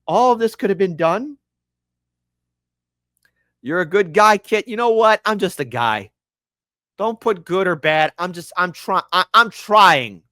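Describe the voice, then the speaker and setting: A man's voice: sits high, animated, a little slow, pauses often, fairly bright tone, no echo. A man hosting a political commentary show, ranting sarcastically and with exasperation, often stumbling over his words.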